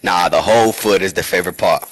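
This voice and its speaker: A man's voice: sits low, quick pace. A man in a live audio chat room, trading crude, teasing banter. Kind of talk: casual chat.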